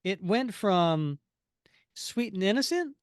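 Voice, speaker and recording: A man's voice: high voice, animated, slow pace, smooth, no room sound, clean studio sound. A man co-hosting a podcast who reads a comic aloud and acts out the dialogue with energy. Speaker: podcast co-host. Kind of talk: casual chat and reading aloud.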